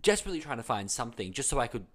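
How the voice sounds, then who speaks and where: A man's voice: medium pitch, very fast. A man with an Australian accent telling a story in casual chat, acting out the people he quotes. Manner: animated storyteller, acts out voices in quotes.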